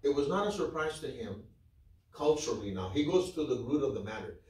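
Preacher with a far-off echo. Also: male voice, mid-range voice, lively intonation, fairly quick, a little mellow. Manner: conversational, acts out quoted dialogue. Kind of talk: sermon teaching. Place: church hall. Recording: echoey hall from far off.

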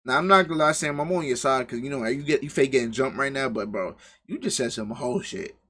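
A young man hosting a livestream, giving slangy, profane reaction commentary with excitable outbursts. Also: mid-range voice, fairly quick. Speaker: livestream host.

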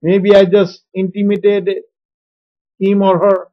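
A man preaching a teaching sermon on sharing faith, slow and emphatic in his instructions. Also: sits high, little pitch movement. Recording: dull lo-fi recording.

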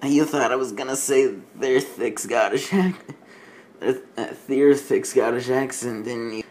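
A man's voice: mid-range voice, a little slow, a little mellow. A man casually reading fan fiction aloud, stumbling over words and making asides to the listener. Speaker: fanfiction reader.

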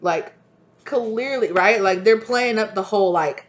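A woman's voice: mid-range voice, measured pace, highs cut off. A woman doing a casual tarot reading for her channel, chatty and blunt and full of fillers. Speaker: tarot reader.

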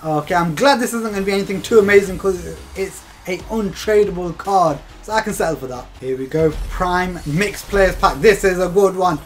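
A man's voice: high voice, normal speed, few pauses, slight background noise. A young man giving casual commentary while opening game packs, chatty and exasperated, laughing through his disappointment. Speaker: gaming video host.

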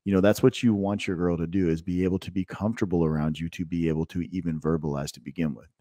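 A man's voice: sits low, fairly even intonation, fast talker, warm tone, dry recording, clean studio sound. A man co-hosting a podcast in casual chat, emphatic and talking straight to the listeners. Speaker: podcast co-host.

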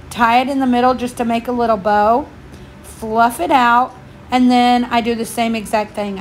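A woman's voice: fairly high pitch, a little hiss or hum. A woman, slightly out of breath, chatting through a step-by-step craft tutorial for her channel. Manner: chatty, homey, explains each step.

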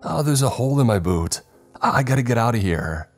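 A man voicing a panicking young male crewman in a hazmat suit, frantic and high-strung. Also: animated, a little slow, a little mellow, faint music behind. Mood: terrified.

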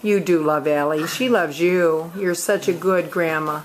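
A woman's voice: deep voice, steady tone, unhurried, noisy background. A woman at home chatting casually with a guest and cooing fondly to her pet monkeys. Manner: cooing, doting talk to her pets. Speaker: monkey owner. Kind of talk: casual home video chat. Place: living room at home.

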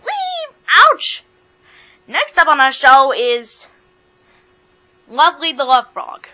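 A woman's voice: sits high, slow pace, bright, forceful tone. A woman hosting a pretend toy talk show, giving matter-of-fact answers and bossy instructions. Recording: dull lo-fi with mains hum.

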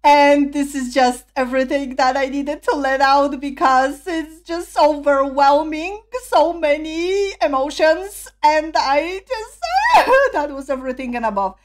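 A woman with a hoarse voice from screaming, gushing breathlessly as she reacts to a concert video. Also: high-pitched, unhurried, hardly any pauses. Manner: gushing, breathless, repeats exclamations. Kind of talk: excited reaction commentary.

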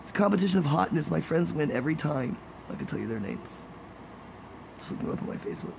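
Gravelly man rambling over an AC hum. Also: fairly high pitch, expressive, fast talker. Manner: meandering, jokey, gossipy asides with frequent laughs. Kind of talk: rambling casual monologue.

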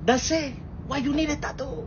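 A man's voice: very high-pitched, fairly even intonation, normal speed, muffled recording, noisy background. A man playing a blunt, exasperated Hispanic father in a comedy sketch, speaking with broken grammar and a mocking tone. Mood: mocking scold.

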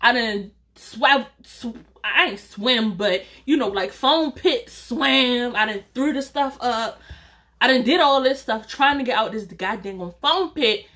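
A woman YouTuber telling a storytime vlog in an animated, chatty way, talking straight to her viewers and swearing casually. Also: a little high, unhurried.

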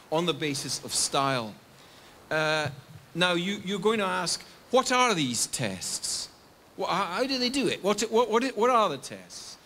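A man's voice: high-pitched, a bit bright. Older English man lecturing, faint hiss. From England. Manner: explanatory, asks and answers his own questions. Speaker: guest lecturer. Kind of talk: public university lecture. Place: university lecture hall.

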